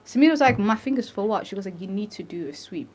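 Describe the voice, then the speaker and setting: A young woman spinning a story on a casual podcast. She talks at a middling pitch, slips into slang and calls her friends babe, and throws herself into acting out the voices of the people in her tale. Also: quick pace. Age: young adult. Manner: animated storyteller, acts out quoted voices. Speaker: podcast co-host.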